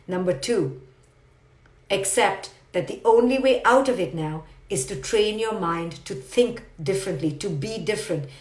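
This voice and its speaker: A woman's voice: fairly low pitch, darkish tone, roomy sound. A woman giving an emphatic, livestreamed motivational talk, repeating mantras and asking rhetorical questions. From India. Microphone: phone or webcam.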